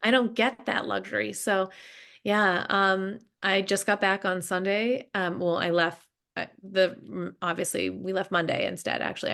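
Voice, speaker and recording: A woman, a guest telling her story in a casual interview, animated and talkative. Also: medium pitch, vocal fry. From Boston, USA. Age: 30s. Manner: animated, talkative, quick bursts with laughter. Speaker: interview guest, marathon runner.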